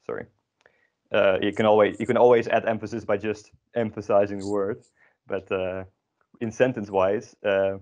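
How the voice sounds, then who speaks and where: A man's voice: fairly low pitch, a little mellow, highs cut off. A man teaching an online grammar lesson, explaining patiently with many ums and restarts. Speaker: Dutch language teacher.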